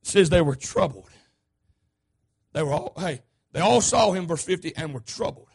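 A man preaching a sermon, emphatic and repetitive, calling out to the congregation and swinging between shouts and hushed asides. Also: a little high, animated, moderate pace, gravelly, breathy edge. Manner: emphatic, repetitive, call-and-response.

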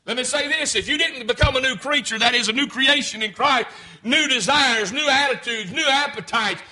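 A man with a Southern US rural accent, preaching a sermon as pastor, fervent and rising to shouts. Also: very high-pitched, moderate pace. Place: church sanctuary.

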